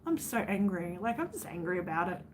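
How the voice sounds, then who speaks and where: A woman's voice: fairly low pitch, sing-song, brisk, noisy background. An Australian woman chatting casually on her livestream, venting bluntly to her viewers and swearing freely.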